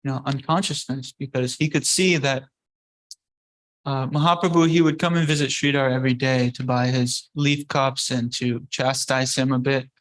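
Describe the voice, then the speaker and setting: A man teaching a scripture class, telling the story in a conversational, halting way. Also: mid-range voice, steady tone, poor audio. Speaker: religious teacher.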